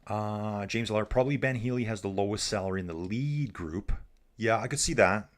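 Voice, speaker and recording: A man's voice: lowish voice, brisk. A man hosting a casual livestream, giving race commentary and reading viewer comments aloud in a chatty, joking way.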